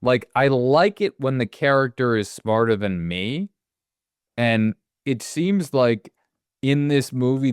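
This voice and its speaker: Smooth-voiced podcast co-host, profane and rambling. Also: male voice, lowish voice, dry recording, clean studio sound. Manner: rambling, profane, animated asides. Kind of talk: casual movie podcast chat.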